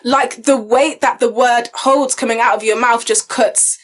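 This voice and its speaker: A woman co-hosting a casual panel discussion, telling a story in an animated way and acting out the people she quotes. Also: fairly high pitch, unhurried. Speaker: podcast co-host.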